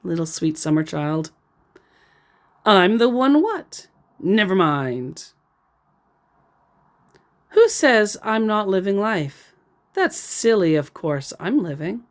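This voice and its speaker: A woman retelling a chat conversation in a dry, mocking manner. She talks slowly, and her pitch rises and falls a lot. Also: sing-song. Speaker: storyteller.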